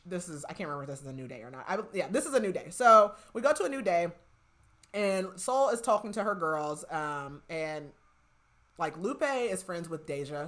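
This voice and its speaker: With a deep yet fairly bright voice, a young podcast host casually walks through a novel's plot. She chats along, quotes lines from scenes, and fills her speech with "like."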